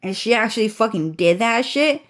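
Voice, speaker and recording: A woman's voice: a little high, animated, moderate pace. A woman ranting through a storytime vlog, swearing constantly and chaining "and then" with a stuffy, congested voice. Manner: profane, repetitive, chains "and then". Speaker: vlogger. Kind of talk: rambling storytime rant.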